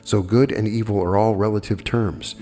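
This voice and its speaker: Low-voiced man lecturing in a reverberant hall. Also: fairly even intonation, normal speed, mellow. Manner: plainspoken, argumentative, rhetorical questions. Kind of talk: spoken lecture with audience questions. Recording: old archive lecture with long hall reverb and faint music.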